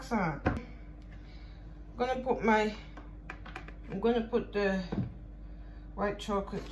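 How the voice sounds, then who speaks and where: A woman's voice: medium pitch, slow pace, pauses often. Rambling, jokey young woman from Ireland. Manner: rambling, jokey, swears freely. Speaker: vlogger. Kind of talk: casual chat while baking. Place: home kitchen. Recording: noisy home recording.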